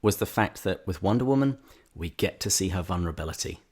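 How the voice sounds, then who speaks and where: A man's voice: low-pitched, lively intonation, quick pace, darkish tone, breathy edge. A man with an English accent hosting a casual video-call chat, speaking with emphatic, firmly held opinions. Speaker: podcast host.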